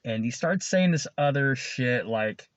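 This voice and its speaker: A man's voice: medium pitch, animated, measured pace, smooth, no room sound. A man who works as a food delivery driver telling a story in a casual, rambling way, swearing often and chuckling between lines. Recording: dull lo-fi recording.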